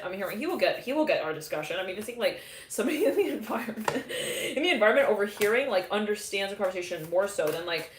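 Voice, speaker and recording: A woman's voice: mid-range voice, roomy sound, a little hiss or hum. A woman giving a live tarot reading in a rambling, casual way, with many restarts and frequent laughter. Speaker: tarot reader.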